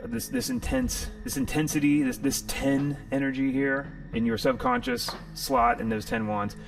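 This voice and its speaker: A man's voice: mid-range voice, very animated, normal speed, vocal fry, distant mic, soft background music. A man hosting a live tarot reading stream, rambling and jokey, sometimes profane. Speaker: tarot reader and stream host.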